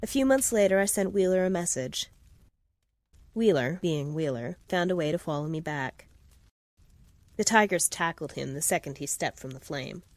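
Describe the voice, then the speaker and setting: A woman narrating first-person fiction in a steady, measured reading. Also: fairly low pitch, no echo.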